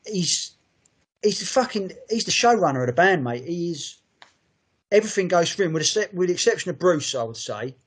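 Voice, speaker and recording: A man's voice: sits high, big pitch swings, a little fast, slightly rough. A man co-hosting a podcast, chatting in a sweary, enthusiastic, rambling way. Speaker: podcast co-host. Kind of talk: casual chat.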